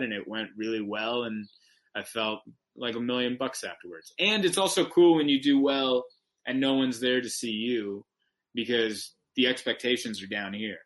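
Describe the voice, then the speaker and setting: A man's voice: fairly low pitch, poor audio. Man, comedian guest, casual storytelling, rambling, acts out quotes. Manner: rambling, animated anecdotes with acted-out quotes.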